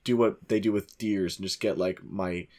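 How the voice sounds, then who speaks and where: A woman co-hosting a casual podcast chat, making playful, deadpan asides. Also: very deep voice, moderate pace. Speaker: podcast co-host.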